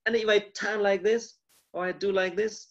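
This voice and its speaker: A man with a Kenyan accent, a pastor giving a mentorship lecture on communication, demonstrative and full of pauses and shifts in volume. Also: muffled recording. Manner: lively, demonstrative, shifts volume and pitch to illustrate.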